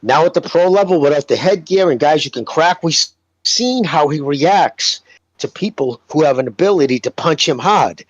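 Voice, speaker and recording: A man talks boxing in a blunt, profane, animated way, his fairly high voice swinging up and down. He sounds like a co-host calling in. The sound is dry and muffled, like a lo-fi mic in a dead room. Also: normal speed, dry recording. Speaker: podcast co-host, former fighter. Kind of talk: casual podcast chat.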